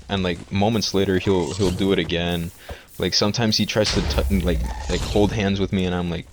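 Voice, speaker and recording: Deep-voiced young man telling a story. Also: steady tone, moderate pace, music in the background. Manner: rambling, many restarts and fillers. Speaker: vlogger. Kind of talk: casual storytime.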